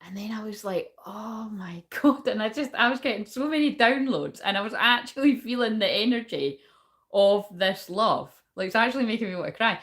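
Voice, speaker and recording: A woman's voice: mid-range voice, animated, fairly quick, a bit bright. A young woman giving a casual spiritual reading, rambling and swearing often. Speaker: spiritual reader and shaman.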